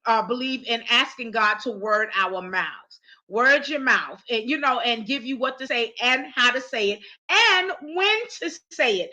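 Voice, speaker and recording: A woman's voice: sits high, rough recording. A woman hosting a live online counseling talk as a Christian counselor, speaking earnestly and often restarting her words. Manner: earnest, repeats and restarts words, warm emphatic preaching tone. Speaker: Christian counselor and show host.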